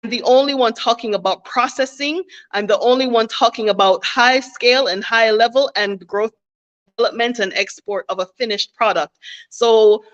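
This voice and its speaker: A woman's voice: fairly high pitch, moderate pace. A woman, a small business owner making an earnest appeal straight to her viewers and often checking in with "okay?". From Jamaica. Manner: earnest, repeats herself, asks "okay?" often. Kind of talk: heartfelt direct-to-camera appeal. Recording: slightly dull lo-fi audio.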